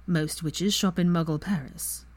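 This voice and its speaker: A woman voicing a cold, haughty older wizard father in a fan story reading, with slow, measured lines. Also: deep voice, a little mellow, dry recording.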